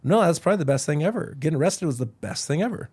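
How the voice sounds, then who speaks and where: Animated man telling stories. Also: a little high, racing, husky. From Idaho, USA. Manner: animated storyteller, acts out quotes. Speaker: podcast guest. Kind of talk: casual podcast storytelling.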